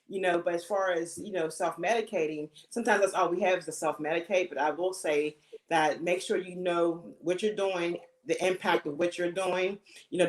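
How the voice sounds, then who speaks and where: Earnest middle-aged woman giving advice. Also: on the low side. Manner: earnest, advising, frequent "you know". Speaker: panelist mother. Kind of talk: casual panel conversation. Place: home, video call. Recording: echoey room.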